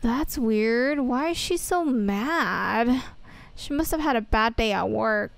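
A woman's voice: fairly high pitch, animated, slow pace, creaky, no echo, heavily acted. A woman voicing a whiny, exasperated teenage schoolgirl. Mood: puzzled. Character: upset teenage schoolgirl, story's main girl.

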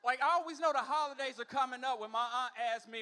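A man's voice: very high voice, fast, few pauses, bright, forceful tone, clean tone. A man in his forties performing a stand-up comedy set on a comedy club stage, telling stories animatedly and acting out other people's voices. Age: 40s.

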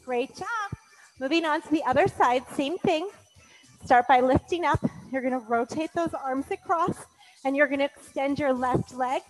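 A woman's voice: high-pitched, moderate pace, poor audio. A woman fitness instructor calling out moves in an exercise class, encouraging and counting, a little out of breath.

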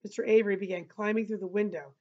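A woman teacher reading a novel aloud and pausing to explain passages to her listeners. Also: medium pitch, fairly even intonation, darkish tone. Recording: dull lo-fi recording.

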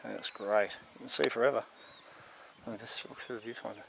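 A man with an Australian accent, chatting excitedly on a camera as he climbs through the bush. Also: lowish voice, a little fast, vocal fry, noisy background. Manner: excited, chatty, calls everyone mate. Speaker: bushwalker filming. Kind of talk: casual outdoor vlog. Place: outdoors in the bush, climbing a hill.

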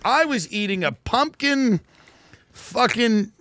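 A man hosting a podcast, doing a profane, deadpan comedic ad read that swings into shouted rants. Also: very high-pitched, slow, no room sound. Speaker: podcast host reading ads.

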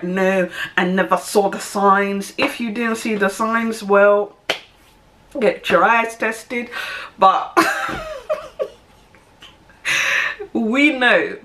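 A woman's voice: mid-range voice, fairly bright tone. A young woman, giving her opinion in a casual vlog, emphatic and repeating her points. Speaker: vlogger.

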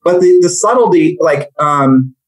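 Male guest, slightly husky, fairly high voice, talks fast in stops and starts, lots of asides. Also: poor audio. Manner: animated, rambling, jokey storyteller. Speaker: real estate coach, guest. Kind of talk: casual podcast chat.

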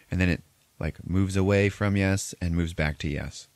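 A deep-voiced man with fairly even intonation recaps a film at a normal speed, his tone clean and free of room sound. In a relaxed podcast chat he tells the story in a profane, rambling way, performing the characters' quotes.

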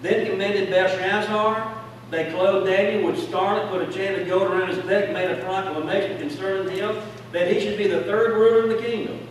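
A man's voice: sits high, steady tone, moderate pace, a little hiss or hum. A man preaching a sermon with fervent call-and-response in a church. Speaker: pastor. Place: church sanctuary. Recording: echoey church hall from a distance.

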